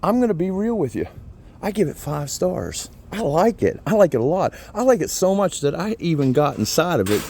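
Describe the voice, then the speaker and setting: A folksy, friendly man hosts a channel and reviews a gear product, starting outdoors by a vehicle and moving into an indoor man cave. His fairly high, mellow voice is sing-song and fairly quick, with hardly any pauses. He's chatty and casual, repeats himself, and there's slight background noise.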